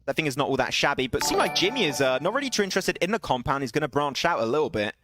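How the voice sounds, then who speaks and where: A young man casting an online shooter match alone, excitable, his voice jumping up on big plays and laughing at himself between calls. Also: a little high, rapid-fire, music in the background. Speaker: esports caster streaming solo. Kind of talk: live game commentary with chat asides.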